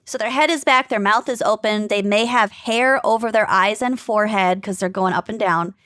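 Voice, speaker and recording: A woman's voice: mid-range voice, moderate pace, fairly bright tone, no room sound, clean studio sound. A woman co-hosting a casual podcast, reading notes and quoting sources at length. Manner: explains at length, quotes sources, laughs easily. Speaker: podcast co-host.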